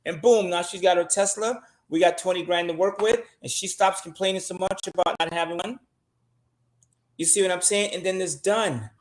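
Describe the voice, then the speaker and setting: A man's voice: high voice, fairly even intonation, moderate pace, echoey room. A man giving casual credit advice as a guest, talking bluntly, emphatically and with plenty of cursing.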